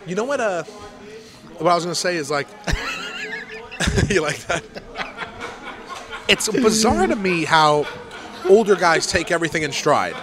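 A man hosting a casual comedy podcast, swearing freely and talking in quick, animated asides. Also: high-pitched, a crowd in the background. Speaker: podcast host.

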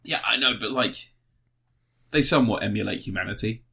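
A man's voice: fairly low pitch, expressive, fairly quick, vocal fry, bright, forceful tone, husky. A man, co-hosting a casual podcast chat, laughing often and swearing freely. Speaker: podcast co-host.

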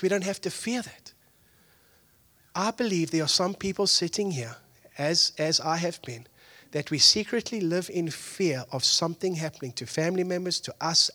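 A pastor preaching a conversational sermon, moving from hushed asides to loud, excited peaks and acting out the people he quotes. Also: high-pitched.

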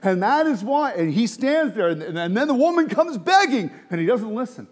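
A man's voice: extremely high pitch, sing-song, normal speed. A man preaching a sermon, emphatic and full of rhetorical questions, sometimes dropping to a near whisper.

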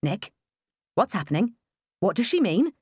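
A woman voicing a frantic young woman in labour, shrill and screeching. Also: big pitch swings, moderate pace, darkish tone, slightly rough, dry recording, clean studio sound. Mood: panicked, shrill.

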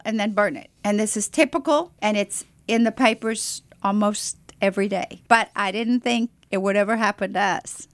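Animated woman missionary telling a story. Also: fairly high pitch, no room sound. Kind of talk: testimony storytelling in an interview.

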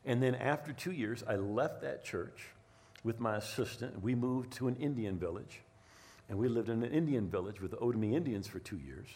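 A middle-aged man preaching a sermon, telling a personal story with lively asides and frequent "right?" checks. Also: mid-range voice, normal speed. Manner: animated storytelling, repeats words, asks "right?". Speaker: pastor.

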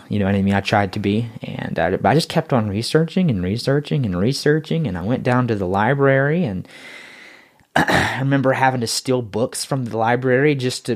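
A man telling his own story in a casual interview, rambling and repeating words as he grows excited. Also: mid-range voice.

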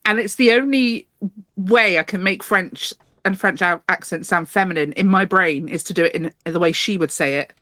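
A woman co-hosting a casual podcast, chatty and self-mocking, quick to laugh. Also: fairly low pitch, fairly bright tone, no room sound, clean studio sound. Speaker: podcast co-host. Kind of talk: casual chat.

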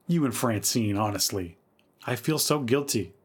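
A man's voice: mid-range voice, animated, moderate pace, slightly rough. A man voicing a worried, hesitant young woman who feels guilty, in a spooky story reading.

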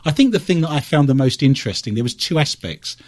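A man with an East London Cockney accent, co-hosting casual radio talk and telling his stories in a measured way with asides. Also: fairly high pitch, animated. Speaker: paranormal investigator co-host.

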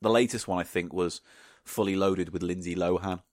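A man's voice: low voice, moderate pace, no room sound, studio quality. A man co-hosting a podcast, chatting casually, joking and swearing freely. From United Kingdom. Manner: sweary, jokey, animated. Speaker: podcast co-host. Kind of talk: casual chat.

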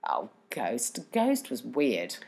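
A woman's voice: rumbling low, wildly swooping pitch, slow, darkish tone. A woman in her thirties, co-hosting a casual chat, wry and chatty with cheeky jokes. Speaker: podcast co-host.

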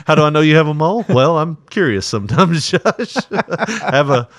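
A man's voice: on the high side, animated, normal speed, fairly bright tone, dry recording, clean studio sound. A man co-hosting a casual podcast, joking crudely, laughing often and rambling through his stories. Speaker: podcast co-host.

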